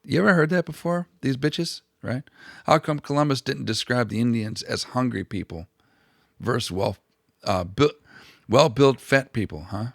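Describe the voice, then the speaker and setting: Gravelly, crude-talking man rambling. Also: medium pitch, moderate pace, no echo, studio quality. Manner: crude, profane and mocking; meandering, with restarts and asides. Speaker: history channel host. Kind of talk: rambling comedic commentary.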